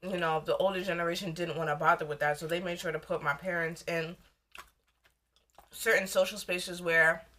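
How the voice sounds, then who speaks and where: With a lowish voice that is pushed and bright yet steady in tone, a young American woman chats at normal speed during her mukbang vlog. She rambles candidly and loosely as she eats.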